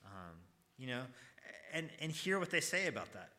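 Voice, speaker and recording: A man's voice: medium pitch, sing-song, normal speed, pushed and bright. A man teaching an evangelism class at church, talking conversationally, quizzing his students and stressing key points earnestly.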